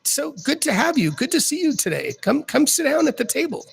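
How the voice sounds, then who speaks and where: A man's voice: very high voice, very animated, brisk, vocal fry, voice pushed up, heavily acted. A man putting on a sweet faceless gnome hostess. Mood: coaxing welcome. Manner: coaxing, sing-song welcoming. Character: faceless gnomish woman, gracious, eager hostess.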